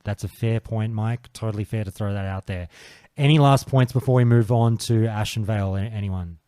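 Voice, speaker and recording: A man's voice: fairly low pitch, fairly quick, warm tone, clear, resonant tone, no room sound, clean studio sound. A man hosting a casual gaming podcast panel, swearing freely and telling stories with animation. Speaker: podcast host.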